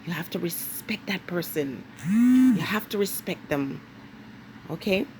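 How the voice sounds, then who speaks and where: With a lowish, warm, animated voice, a Jamaican-accented woman delivers an emphatic vlog monologue straight to camera. She lectures, drawing out stresses and hitting key words hard, while a little hiss or hum runs underneath.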